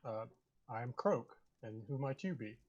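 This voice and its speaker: A man's voice: medium pitch, animated, moderate pace, lo-fi sound, lightly acted. A man voicing a young student who speaks formally and courteously. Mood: polite.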